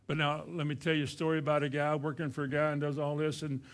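A man's voice: a little high, monotone, fast. A man preaching a sermon in a folksy way, acting out little scenes and asking his listeners questions. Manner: folksy, acts out boastful voices, asks the congregation questions.

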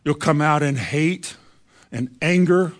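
Plainspoken preacher man, slightly high voice. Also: slow. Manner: plainspoken, acts out bitter voices in quotes. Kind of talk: sermon.

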